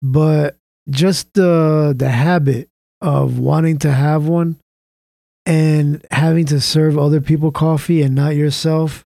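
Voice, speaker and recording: A man's voice: fairly high pitch, mellow, no room sound, clean studio sound. A man hosting an internet radio show, sharing his opinions in casual conversation and often checking in with "right?".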